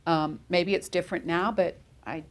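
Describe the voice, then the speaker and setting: A woman's voice: fairly low pitch, fairly even intonation, normal speed. A woman in her forties speaking candidly on a panel as a newsroom leader, reflective, with frequent fillers and restarts. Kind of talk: panel discussion.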